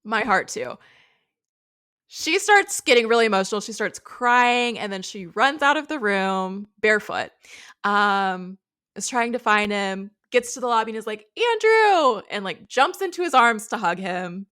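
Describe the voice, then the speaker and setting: A woman's voice: medium pitch, moderate pace, clear, resonant tone. A woman co-hosting a podcast, recapping a reality show in casual, chatty storytelling. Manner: chatty, animated storytelling with acted quotes. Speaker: podcast co-host.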